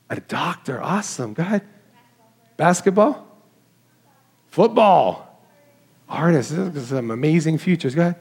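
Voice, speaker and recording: High-voiced pastor preaching to a congregation. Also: male voice. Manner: warm, conversational preaching, walks into the crowd asking kids questions. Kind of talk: Christmas sermon, talking with children.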